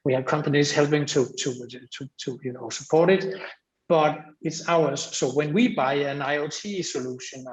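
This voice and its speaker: A man's voice: fairly high pitch, reverberant, poor audio. A man from Denmark giving a long, rambling panel answer with frequent restarts. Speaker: panel speaker.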